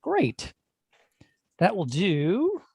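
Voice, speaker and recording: A man's voice: sits high, huge pitch swings, drawn-out words, creaky, a little mellow, breathy edge, no room sound, clean studio sound. A man playing a tabletop game, matter-of-fact as he counts up his dice rolls aloud. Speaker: player. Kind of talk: casual tabletop game play.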